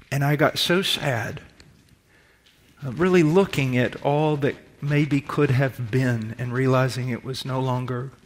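A middle-aged male preacher giving a sermon, shifting between loud, slow emphatic preaching and quiet personal storytelling. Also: medium pitch, a little hiss or hum.

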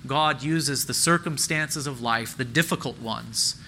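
A man's voice: medium pitch, a little slow, pushed and bright, a little hiss or hum, rough recording. A man preaching a sermon as pastor, earnest and emphatic, repeating key phrases and lifting his voice on questions.

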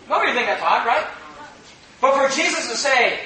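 A man's voice: very high-pitched, expressive, quick pace, pushed and bright, roomy sound, poor audio. A man preaching a sermon in a church, emphatic, often asking the congregation rhetorical questions. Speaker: pastor.

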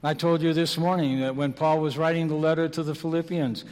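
A man preaching an evening sermon, slow and dramatic, moving between hushed and loud passages. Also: fairly high pitch, flat delivery. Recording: long reverb of a large hall.

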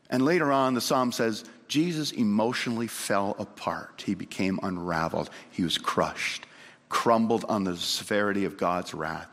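A man preaching a sermon with great passion, swinging from loud, high pleading lines to low, hushed ones. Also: normal speed. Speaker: pastor. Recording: reverberant hall.

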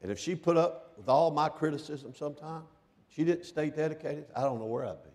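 Middle-aged male preacher, high pitch, shouted peaks and near-whispered lows, long church reverb. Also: a little fast. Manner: swings from shouting to hushed, near-whispered passages. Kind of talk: sermon. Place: church sanctuary.

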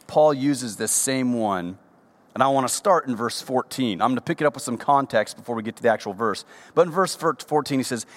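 A man preaching a sermon, reading Bible verses aloud and explaining them, his voice climbing high for emphasis. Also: animated, a little fast, in a large hall.

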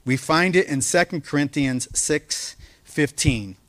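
A male pastor preaching a sermon, earnest and emphatic, slowing down to stress key words. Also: on the high side, a bit bright, dry recording. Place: church.

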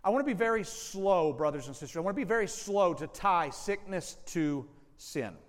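A man preaching a sermon as pastor, slow and deliberate, pausing between phrases and leaning hard on key words. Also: high-pitched, lively intonation, in a large hall.

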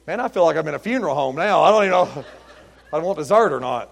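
A middle-aged preacher with a slightly high, gravelly voice. He tells folksy, joking stories from the pulpit and keeps the sermon light and lively. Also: fast. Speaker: pastor.

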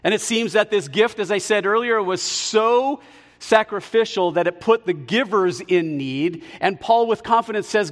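A man preaching a sermon, emphatic and slowing down on key words, in a large hall. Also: high voice, a bit bright. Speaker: pastor.

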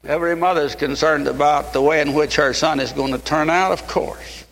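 A man preaching with fervor from the pulpit, his voice pitched notably high. He leans into scripture quotations in old-style English. The sound rings with the long reverb of a church sanctuary. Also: steady tone, moderate pace, vocal fry, fairly bright tone. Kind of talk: sermon.

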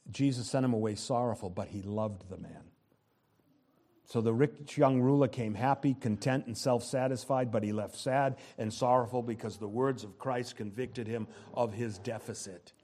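A man preaching a sermon, swinging between loud, rising exhortation and low, quiet asides.

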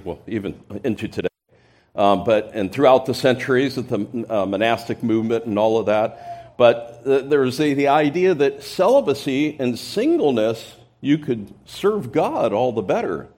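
A pastor preaching an expository sermon in church, explaining scripture and stressing key words with sudden emphasis. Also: male voice, mid-range voice, expressive, moderate pace, darkish tone.

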